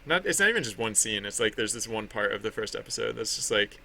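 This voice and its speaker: A man talks loosely on a livestream while working on a drawing. His voice is bright and edged with gravelly fry. He rambles, trips over his words and keeps laughing at himself, with a faint hiss of noise behind him. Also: lowish voice, sing-song, quick pace. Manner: rambling, many fillers and restarts, laughs at himself. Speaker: artist streaming his drawing.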